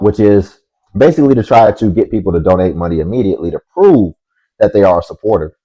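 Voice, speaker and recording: A man's voice: lowish voice, brisk, warm tone, rough recording. A man hosting a commentary video, speaking in a dry, sarcastic way. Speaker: commentary host. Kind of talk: scripted commentary.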